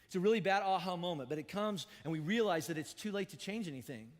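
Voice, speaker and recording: High-voiced pastor preaching in a hall. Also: male voice, quick pace. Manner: animated, swings from loud to hushed. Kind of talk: sermon. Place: church auditorium.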